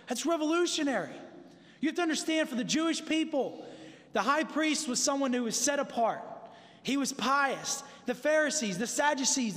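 A man's voice: extremely high pitch, fairly bright tone. A man preaching a sermon in a conversational, emphatic way, turning to the congregation with asides. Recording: long hall reverb.

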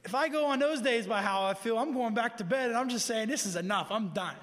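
A man's voice: very high-pitched, a little fast, a bit bright, long reverb tail. A man preaching a sermon in an earnest, conversational way, stressing points through repetition, speaking to people in a room. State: living with heart disease, tires easily. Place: room with an audience.

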